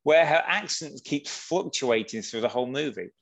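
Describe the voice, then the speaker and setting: A man hosting a casual chat, moving briskly through his talking points. His pitch sits in the middle range. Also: animated, vocal fry. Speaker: podcast host.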